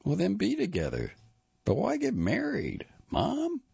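A man's voice: high-pitched, wildly swooping pitch, measured pace, creaky, darkish tone, breathy edge, dry recording, highs cut off, voice pushed up, heavily acted. A man reading an audiobook, voicing a grown son who sounds incredulous and accusing toward his mother.

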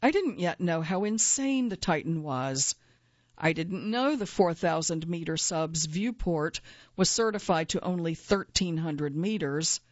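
A woman reading her own first-person nonfiction essay aloud in a measured, earnest way, at times quietly angry. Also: lowish voice, lively intonation, dry recording, dull audio.

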